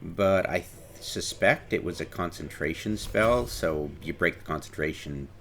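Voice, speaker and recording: A man's voice: low-pitched, moderate pace, a bit bright, a little hiss or hum. A man giving casual commentary over his game footage, explaining his moves in a rambling way with frequent restarts. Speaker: gameplay commentator.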